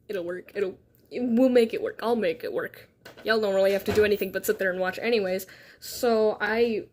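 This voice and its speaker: Chatty giggly woman rambling on a livestream from her bedroom, phone on a tripod, mid-height voice. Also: mid-range voice. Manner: rambling, giggly, self-deprecating. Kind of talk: casual livestream chat. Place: her bedroom, on a beanbag chair.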